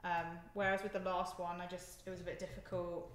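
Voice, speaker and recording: A woman's voice: lowish voice, level tone, brisk. A young woman chats through a cooking live stream, laughing easily and talking to viewers as she moves around. She is recorded in an echoey home kitchen, and a faint noise sits under her voice. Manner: chatty, giggly, talks to viewers while moving around the kitchen. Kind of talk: casual live-stream chat while cooking.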